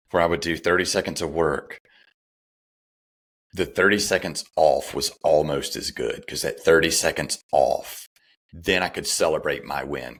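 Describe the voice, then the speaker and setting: A man's voice: very deep voice, a bit bright. A middle-aged man, a podcast guest, candidly telling a personal story and retelling the dialogue, with some restarts.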